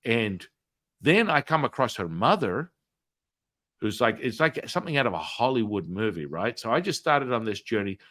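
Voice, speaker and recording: Animated storytelling podcast host, man. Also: normal speed. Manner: acts out quoted dialogue with big swings in pitch and loudness; chatty, with many fillers and tag questions.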